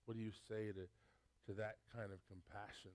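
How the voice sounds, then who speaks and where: A pastor preaching a sermon, retelling a story with animated, stammering repeats. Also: male voice, fairly low pitch, fairly quick.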